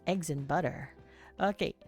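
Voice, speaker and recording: A woman narrating a livestreamed tabletop game as game master, meandering and halting with many fillers. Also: low voice, husky, faint music behind.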